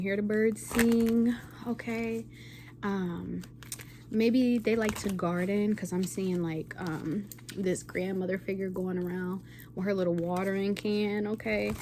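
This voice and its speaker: A woman's voice: mid-range voice, a little mellow, a little hiss or hum. A woman giving a casual, rambling intuitive tarot reading to viewers, often checking in with "okay?". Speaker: tarot reader.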